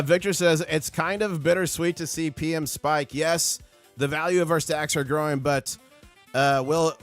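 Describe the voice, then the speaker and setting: A man hosting a live stream, giving excitable market commentary and reading viewer comments aloud. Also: a little high. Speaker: livestream host.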